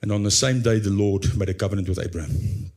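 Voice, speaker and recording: A man preaching a sermon as pastor, reading scripture aloud and acting out a pleading believer in a high, anguished voice before dropping low and slow. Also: a little mellow.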